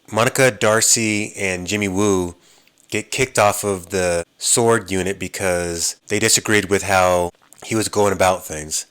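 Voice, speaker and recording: A man hosting a podcast, casually recapping TV episodes as an animated storyteller who mimics the characters' lines. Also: low-pitched, clear, resonant tone. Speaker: podcast host.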